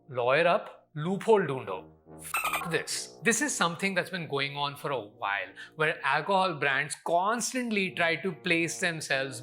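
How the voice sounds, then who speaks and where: Indian male comic host, young, bright ringing voice, sarcastic ranter with big swings in pitch. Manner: exasperated, sarcastic ranting. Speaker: comedian and show host. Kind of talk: scripted comedy commentary rant.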